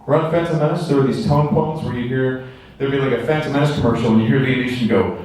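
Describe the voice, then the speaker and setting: A man answering fan questions at a convention, telling lively anecdotes and acting out quotes. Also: medium pitch, fast, far from the mic. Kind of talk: animated storytelling to an audience. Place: large convention hall. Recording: echoey convention hall from afar.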